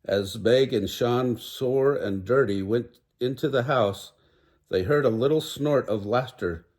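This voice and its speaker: An older man reading a children's picture book aloud, unhurried, with small stumbles. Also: mid-range voice, a little mellow. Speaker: storybook reader.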